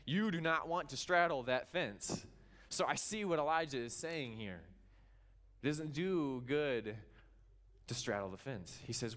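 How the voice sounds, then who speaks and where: Man preaching a lively story sermon. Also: fairly high pitch, a little slow. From Kansas. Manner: animated storytelling, acting out the characters. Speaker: pastor. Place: church.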